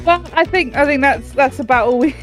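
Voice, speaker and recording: A woman's voice: high voice, fairly quick, faint music behind. Giggly woman podcast co-host. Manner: giggly, chatty, ranting. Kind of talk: casual chat.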